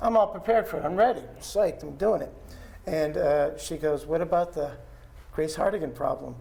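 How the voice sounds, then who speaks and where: Gravelly guy telling a story on a panel, does little voices for everyone, a bit high. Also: normal speed. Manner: animated, acts out the people he quotes. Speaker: panel guest, artist's estate guardian. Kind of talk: anecdotal storytelling in a panel talk. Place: art gallery talk.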